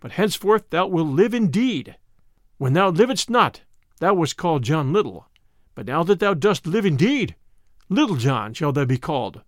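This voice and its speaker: A man's voice: a little high, sing-song, normal speed, no echo, clean studio sound. A man reading a mock-solemn outlaw priest. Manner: mock-solemn, old-fashioned formal speech.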